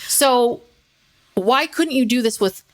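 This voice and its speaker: A woman co-hosting a podcast in casual chat, talking in quick restarts and dropping lower to mimic others. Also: lively intonation. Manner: chatty, restarts a lot, mimics people in a lower voice. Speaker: podcast co-host.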